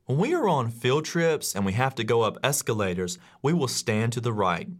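A man reading his own classroom rules aloud in a measured, instructive audiobook narration. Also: medium pitch, very animated. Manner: measured, instructive, acts out quoted lines.

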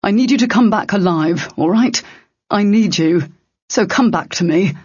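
A narrator voicing an earnest young man speaking haltingly and heartfelt through a message, in an audiobook reading. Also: medium pitch, animated, a little mellow, breathy edge. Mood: tender. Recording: dull, slightly lo-fi dry recording.

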